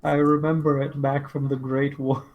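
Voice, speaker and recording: Slightly high-voiced joking man. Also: level tone, measured pace, narrow, tinny audio. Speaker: player in a tabletop game. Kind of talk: casual chat.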